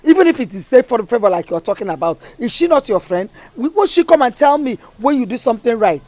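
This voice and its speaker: A woman's voice: on the high side, sing-song, quick pace, a little mellow, no echo. An earnest, pleading Nigerian mother. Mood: scolding. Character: worried, moralizing village mother. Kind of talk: Nollywood film drama.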